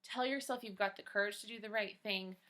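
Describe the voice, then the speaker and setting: A woman's voice: medium pitch, a little fast, bright, forceful tone. A woman teacher talking to children in a video lesson from home, in a chatty, encouraging manner. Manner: upbeat, encouraging, chatty with the kids. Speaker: teacher giving a daily check-in to children.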